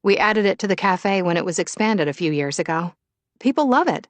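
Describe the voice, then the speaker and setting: A woman narrator voicing a lively young woman who runs a café, brisk and lightly exasperated. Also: medium pitch, dry recording, natural voice. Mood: explaining.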